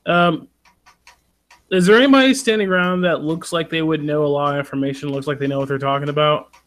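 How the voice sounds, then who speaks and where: Male tabletop player with a fairly high voice, casual and unsure, stops and restarts often. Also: steady tone, a little fast, fairly bright tone. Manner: hesitant, with many ums and restarts.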